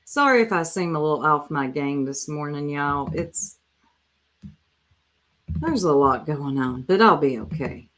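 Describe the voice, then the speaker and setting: A woman with a fairly low voice hosts a live reaction stream in easygoing chat. She talks straight to her viewers, loose and chatty. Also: expressive, a little slow, long pauses, a bit bright. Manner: chatty, addresses viewers directly.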